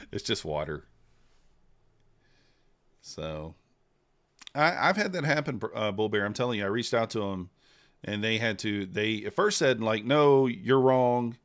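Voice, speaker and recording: A man giving casual live commentary while trading, thinking out loud in an unhurried, low-key way. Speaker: livestreaming futures trader.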